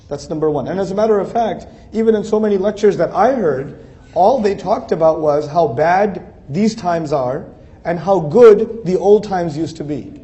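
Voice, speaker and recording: A man's voice: a little high, warm tone. A man giving a religious lecture in a conversational way, building his points through repetition. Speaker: Islamic lecturer.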